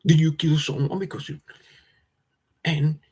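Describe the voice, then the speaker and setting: A man's voice: a little high, flat delivery, measured pace, mellow, husky. A man telling a rambling personal story, repeating words as he restarts his sentences, swearing, and laughing now and then. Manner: repetitive restarts, agitated, swears, laughs often.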